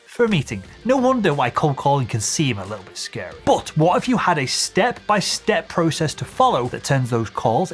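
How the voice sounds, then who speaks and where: A man teaching sales to camera, energetic and conversational, acting out cold-call lines. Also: a little high. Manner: energetic, acts out cold-call lines with a bright upward lilt. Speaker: sales trainer. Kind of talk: scripted sales lesson to camera.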